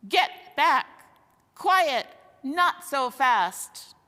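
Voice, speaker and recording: A woman's voice: medium pitch, expressive, slow pace, fairly bright tone. A woman voicing a scheming, jeering old male ape in a storybook reading, with a mocking, bossy manner. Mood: shouting. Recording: long hall reverb.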